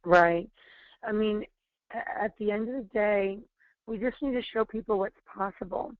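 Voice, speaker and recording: A woman's voice: mid-range voice, moderate pace, no echo. A woman in her thirties giving a webinar talk as a wellness trainer, telling stories in a chatty way with many fillers and restarts. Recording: tinny phone-line audio.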